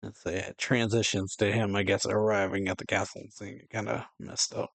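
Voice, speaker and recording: A man's voice: fairly low pitch, little pitch movement, a little fast, gravelly, a bit bright, no echo. A man hosting a reaction channel, casually reading and retelling a comic chapter, laughing often and paraphrasing loosely. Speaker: manga reaction host.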